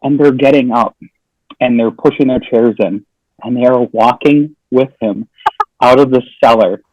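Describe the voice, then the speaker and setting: A man's voice: medium pitch, normal speed, dry recording, muffled recording. A man telling a funny story on a podcast, acting out the lines of the people in it. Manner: animated storyteller acting out quotes. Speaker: comedian guest.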